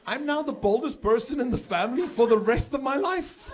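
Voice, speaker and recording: A man's voice: very high voice, expressive, a little fast. A middle-aged man with a South African accent doing a chatty stand-up comedy set, often repeating words as he builds a joke. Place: comedy club stage with live audience. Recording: live set with audience laughter.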